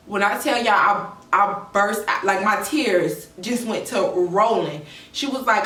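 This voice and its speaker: A young woman vlogger tells her viewers a personal story, candid and emotional, in a storytime vlog. Her voice is medium-pitched, bright and forceful, and she speaks at a measured pace. The mic sits at a distance in an echoey room.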